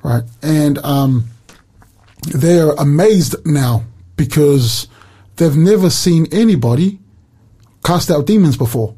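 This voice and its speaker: A man from New leading a Bible study chat on Christian radio, earnest and animated, quoting scripture with emphasis. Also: on the high side, slow, long pauses, husky.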